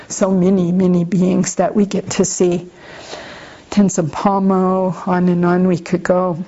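A woman gives a relaxed Buddhist dharma talk in a mellow, warm voice. Her delivery is conversational and lightly humorous, with frequent asides to her listeners. The recording sounds slightly muffled and lo-fi. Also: mid-range voice. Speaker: Buddhist teacher.

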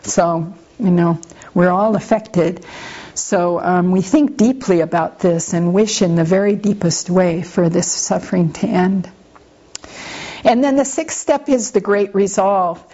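A woman teaching Buddhist practice in an informal dharma talk. She talks in a conversational, gently humorous way and often turns to her listeners with asides. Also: on the low side, a little slow. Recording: slightly muffled lo-fi recording.

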